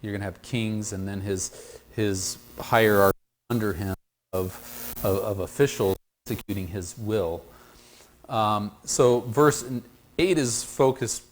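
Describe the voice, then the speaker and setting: A man teaching a Bible study group, talking haltingly and repeating words as he works through a passage and draws answers from the class. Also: on the low side, a little hiss or hum.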